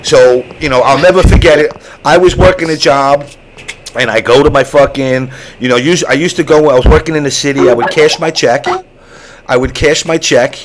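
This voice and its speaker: Talking fairly quickly over background noise, a mid-range male host chats casually on his online show. His long story is profane and lively, packed with impersonated voices.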